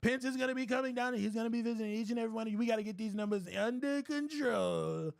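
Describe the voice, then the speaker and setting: A man's voice: very high voice, quick pace, vocal fry, no room sound, studio quality. A man voicing a brash male president on a conference call, blustering and repeating himself. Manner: blustering, repetitive.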